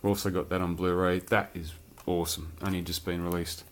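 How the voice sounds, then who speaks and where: A man's voice: low-pitched, level tone, a little fast, very noisy. A man chatting casually and rambling about his film collection, swearing now and then. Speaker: collector showing his films. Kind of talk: casual chat.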